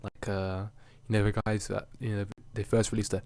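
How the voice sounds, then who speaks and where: A man's voice: lowish voice, little pitch movement, moderate pace, a little mellow, dry recording. A young man hosting a solo podcast, rambling casually with lots of fillers, slang and jokes. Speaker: podcast host.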